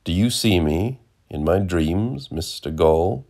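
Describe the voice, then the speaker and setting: A man's voice: deep voice, lively intonation, slow pace, a little mellow, exaggerated voice. A man doing a florid, irritable traveller. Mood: whimsical. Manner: florid, exasperated. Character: irritable, grandiloquent male traveller.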